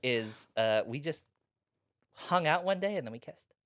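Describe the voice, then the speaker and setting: A woman who is a guest comedian, telling rambling personal stories with deadpan jokes in a casual chat. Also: low voice, unhurried, dry recording, clean studio sound.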